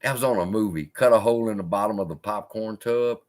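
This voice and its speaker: A man's voice: lowish voice, quick pace, darkish tone. A man hosting a live investing stream, talking in a blunt, profane, storytelling way. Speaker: investing channel host.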